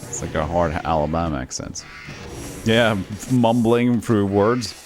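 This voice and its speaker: A man's voice: on the low side, expressive, measured pace, a little mellow, faint music behind. A man with a Norwegian accent chatting casually and joking while he streams a game live and reads chat aloud. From Norway.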